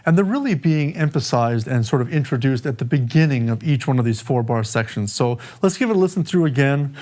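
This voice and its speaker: A man giving a casual music lesson, explaining song form in a relaxed, conversational way and counting bars aloud. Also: mid-range voice, a little fast. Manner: counts bars aloud over a playing track. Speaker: music teacher. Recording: music playing behind the voice.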